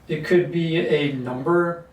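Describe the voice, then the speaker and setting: Guy teaching calculus, slightly high voice, keeps clearing his throat, echoey room far from the mic. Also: takes it slowly, darkish tone, highs cut off. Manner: frequent throat clearing and filler words. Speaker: math teacher. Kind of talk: whiteboard calculus lecture.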